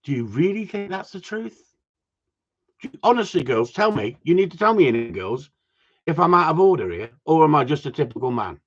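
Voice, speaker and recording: Husky man ranting on a live stream. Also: fairly high pitch, fairly quick, muffled recording. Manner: animated storytelling with frequent swearing. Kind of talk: casual ranting chat.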